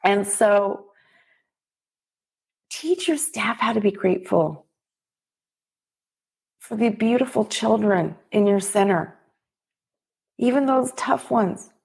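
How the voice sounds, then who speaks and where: Gravelly-voiced woman giving a heartfelt pep talk. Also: medium pitch, takes it slowly, long pauses, darkish tone. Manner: heartfelt, preachy, direct address to listeners. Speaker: podcast host and business coach. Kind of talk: motivational talk.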